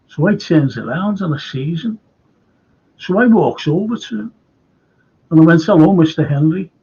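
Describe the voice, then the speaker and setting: Fan-show host, raised pitch, gravelly, swears, muffled audio. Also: male voice, expressive, normal speed, dark tone. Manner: anecdotal storyteller, swears freely. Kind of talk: casual fan show chat. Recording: dull lo-fi stream audio.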